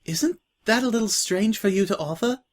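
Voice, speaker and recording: A man's voice: sits high, moderate pace, pitched above the performer's own voice, natural voice. A man doing a prim, timid young filly. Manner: polite, formal, tearful and hesitant.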